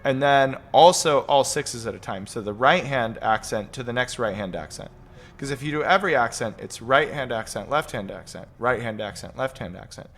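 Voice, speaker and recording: During a relaxed question-and-answer piano lesson, a man counts patterns out loud while demonstrating at the keyboard. His medium-pitched voice is expressive and moderately paced, with loud piano playing behind it.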